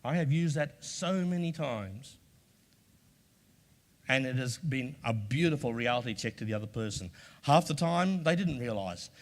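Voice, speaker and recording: A man's voice: mid-range voice, lively intonation, normal speed. An Australian man giving a presentation to a live audience, emphatic and repeating key phrases, now and then acting out sample lines. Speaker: workshop presenter. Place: large room before an audience. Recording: long hall reverb.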